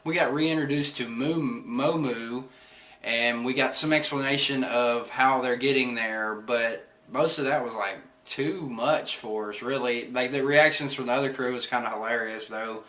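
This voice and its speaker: Bright-voiced young man recapping chatty. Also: medium pitch, moderate pace, rough recording. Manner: chatty, laughs often, acts out quotes in silly voices. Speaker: comic chapter reviewer. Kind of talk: casual recap commentary.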